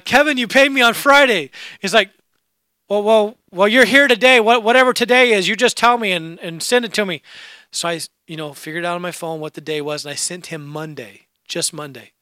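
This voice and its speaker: A man preaching a sermon, telling a personal testimony with laughter and rising to shouted praise. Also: fairly high pitch, no echo, clean studio sound. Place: church.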